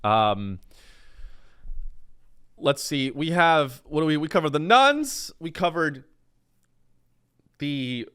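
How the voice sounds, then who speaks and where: Animated sarcastic man ranting. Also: medium pitch, clean tone, no echo, clean studio sound. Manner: sarcastic, animated rants with self-interruptions. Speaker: comedy podcast host. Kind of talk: comedic monologue.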